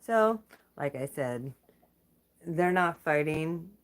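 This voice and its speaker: A woman's voice: sits low, expressive, slow pace. A woman hosting her own channel, talking in a blunt, profane, casual vlog rant and laughing between remarks. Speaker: channel host.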